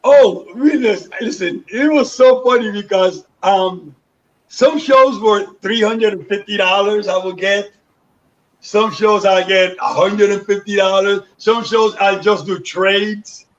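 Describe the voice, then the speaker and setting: Older man from Panama, a high voice on a dull lo-fi recording, animated storyteller. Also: measured pace. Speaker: guest. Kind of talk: storytelling interview. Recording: dull lo-fi sound.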